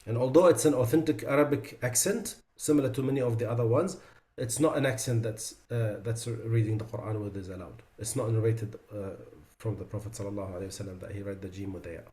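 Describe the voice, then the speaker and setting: Man teaching recitation, modeling sounds slowly. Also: lowish voice, darkish tone. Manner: explanatory, demonstrates pronunciations slowly and repeats them; loose, conversational asides with fillers. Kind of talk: online class lecture.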